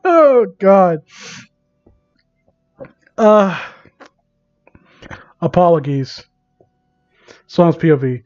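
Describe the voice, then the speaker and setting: Brief: high-voiced man, comic dramatic reading with incredulous asides, muffled lo-fi recording. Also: animated, slow, long pauses, a little mellow, dry recording. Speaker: host reading fan fiction aloud. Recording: dull lo-fi recording.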